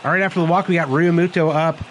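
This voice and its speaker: A young man giving live, excitable commentary over his baseball video game, groaning and cheering at each pitch. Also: quick pace, slight background noise. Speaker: gaming channel host.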